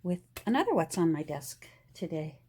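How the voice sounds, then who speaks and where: A woman's voice: low voice, big pitch swings, normal speed, a little mellow, slightly rough. A middle-aged woman chatting casually about her craft as she works at her desk at home, laughing often and trailing off now and then. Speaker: journal-making vlogger. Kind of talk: casual chat while crafting.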